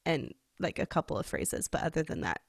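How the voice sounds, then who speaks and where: A woman's voice: deep voice, very animated, a little fast, vocal fry, breathy edge, dry recording. Young female podcast co-host, casual and chatty, filler-heavy, dry close recording. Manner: chatty, many "like" fillers, laughs often. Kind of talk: casual chat.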